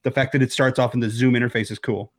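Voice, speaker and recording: A man's voice: mid-range voice, steady tone, fast talker, no room sound. Rambling male podcast co-host, dry sound. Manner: rambling, restarts his thoughts often. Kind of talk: casual chat. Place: home, remote recording.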